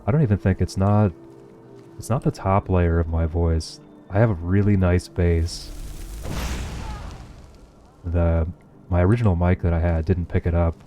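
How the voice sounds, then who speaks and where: Streaming a game, a man from the United States with a New Jersey accent chats casually with his viewers and reads their messages, swearing freely and laughing often. His voice is low and dark-toned, and his manner is laid-back.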